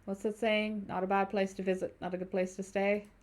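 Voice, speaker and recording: A patient young cab driver in a story game, read by a woman streamer in her own voice. She talks plainly at a middling pitch, and her tone is lightly defensive. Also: level tone, a little fast, a little mellow, natural voice.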